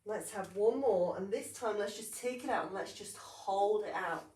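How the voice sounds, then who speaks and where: A woman talks a Pilates class through each move in calm, steady cues, a little sniffly with hay fever. Her voice sits at a middling pitch. It is recorded from a distance, in a room that gives it a noticeable echo. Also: moderate pace, slight background noise. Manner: calm, steady cueing with brief apologies for sniffles and yawns. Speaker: Pilates instructor. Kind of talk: guided exercise class instruction. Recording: roomy sound, mic at a distance.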